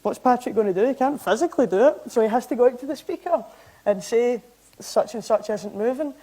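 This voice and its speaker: Scottish woman telling a lively story. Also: fairly high pitch, fast talker, rough recording. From Scotland. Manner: lively anecdotal, animated when amused. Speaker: member of parliament giving a talk. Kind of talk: public talk, storytelling. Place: hall, talk to an audience.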